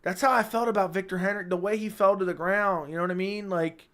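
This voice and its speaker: A man hosting a casual livestream chat, talking in an animated, emphatic way, repeating himself and swearing freely. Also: sits high, fast talker. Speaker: livestream host. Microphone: studio microphone.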